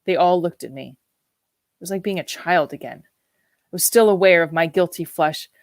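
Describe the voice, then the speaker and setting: A woman narrating a novel as an audiobook in a measured, reflective way. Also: lowish voice, no echo. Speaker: audiobook reader.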